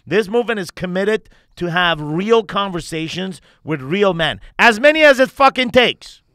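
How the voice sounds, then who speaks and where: A man's voice: sits high, expressive, moderate pace, sharp tone, clean tone, dry recording, clean studio sound. A man hosting a podcast as a coach, talking intensely and emphatically with heavy swearing. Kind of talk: candid podcast conversation.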